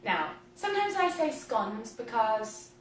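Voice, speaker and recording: A woman with a high, bright-sounding voice chats her way through a home baking livestream. She giggles and reads viewer comments aloud as she goes. The camera mic sits a step away in an echoey kitchen, with faint background sound. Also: lively intonation, normal speed, slight background noise. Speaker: host of a home cooking livestream. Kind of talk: casual livestream chat while baking. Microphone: camera mic at a distance. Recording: roomy kitchen from a distant mic.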